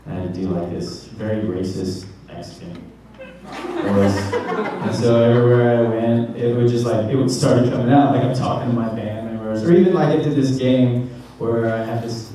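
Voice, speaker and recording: A man's voice: medium pitch, steady tone, moderate pace, warm tone, recorded from a distance. A male voice actor at a convention panel Q&A, telling rambling stories and making fun of himself. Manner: joking, self-mocking, rambling storyteller. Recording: echoey hall, mic heard from afar, noisy.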